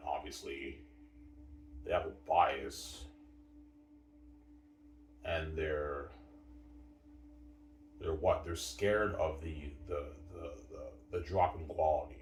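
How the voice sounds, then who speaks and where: Low-voiced man ranting with stammering restarts. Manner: repetitive, stammering restarts, calls listeners "man" and "guys". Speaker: sports commentator. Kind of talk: casual opinion rant to camera. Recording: roomy room, distant mic, faint ambient noise.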